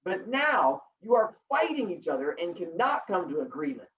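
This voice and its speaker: Patient old storyteller, as a man puts him on, coaxing, lively, husky. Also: sits high, moderate pace, muffled recording, heavily acted. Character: Aesop, patient old male storyteller and teacher.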